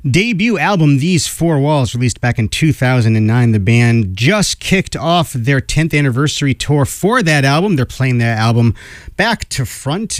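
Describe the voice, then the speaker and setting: A man hosting a radio music show, a little hoarse, chatting enthusiastically between songs. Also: mid-range voice, no echo. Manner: enthusiastic, conversational. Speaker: radio host.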